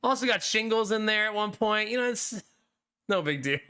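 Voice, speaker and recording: A man's voice: high-pitched, lively intonation, normal speed, bright, forceful tone, clean tone. A man streaming live, chatting casually with his viewers in a laid-back way and laughing often.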